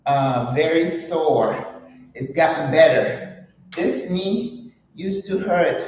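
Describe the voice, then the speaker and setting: An older woman hosting a casual vlog while exercising, chatting and laughing often, with breathy exertion sounds. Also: deep voice, a little mellow, heavy reverb, recorded from a distance, a little hiss or hum, rough recording. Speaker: channel host.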